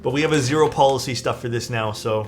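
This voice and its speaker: A man casually chatting as a live streamer while building a keyboard, rambling and relaxed, often saying "dude". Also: mid-range voice, fast, over music. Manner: laid-back, rambling, peppered with "dude" and "like".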